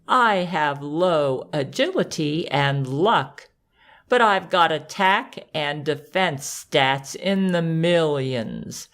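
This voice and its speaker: A woman's voice: low voice, expressive, takes it slowly, fairly bright tone, full character voice. Woman reading as a boastful pixel game villainess. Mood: taunting.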